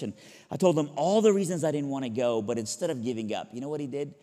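A middle-aged man from Iran preaching, telling a story with lively, acted-out dialogue. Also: mid-range voice, quick pace. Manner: animated storyteller acting out dialogue with big vocal jumps. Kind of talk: storytelling sermon. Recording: long hall reverb.

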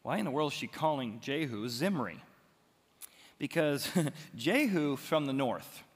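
A male pastor preaching a sermon, retelling the story with animated, dramatic storytelling. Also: mid-range voice, unhurried, breathy edge, in a large hall. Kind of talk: expository sermon.

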